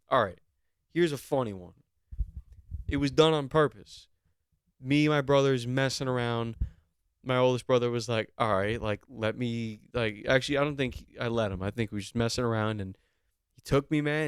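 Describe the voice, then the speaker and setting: A man's voice: medium pitch, smooth, no room sound, clean studio sound. A young man hosting a solo podcast, talking in a rambling, sarcastic and profane way. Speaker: podcast host.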